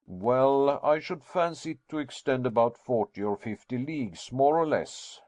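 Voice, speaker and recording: A learned old professor holds forth with emphatic confidence, as a man puts him on. His delivery is loud and lecturing, recorded dry and close. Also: mid-range voice, lively intonation, a little slow, dry recording, natural voice.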